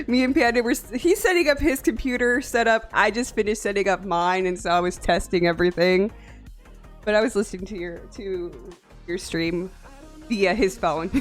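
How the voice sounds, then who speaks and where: A woman's voice: mid-range voice, normal speed, soft background music. A young woman streaming from home, chatting casually and often breaking into laughter and playful whining. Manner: giggly, excitable, lots of laughing and whining. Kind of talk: casual live-stream chat. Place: home room.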